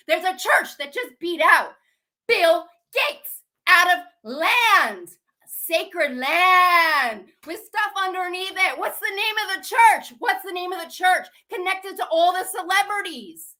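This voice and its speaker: A woman's voice: very high voice, expressive, unhurried, pushed and bright. A young adult woman talking to her viewers in an agitated, repetitive rant full of swearing and rhetorical questions. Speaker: channel host. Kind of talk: emotional monologue to camera.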